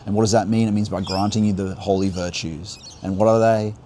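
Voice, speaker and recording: Standing outside near river rapids, a man livestreams unscripted religious teaching in a lowish, dark voice with fairly even intonation. He reflects earnestly, restarting his ideas as he goes, while faint rushing water and slight noise sit in the background.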